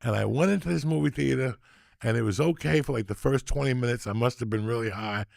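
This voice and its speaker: Man, middle-aged, gravelly voice, swears a lot, animated storyteller, dry close sound. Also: medium pitch, quick pace, no room sound. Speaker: podcast host. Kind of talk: casual storytelling chat.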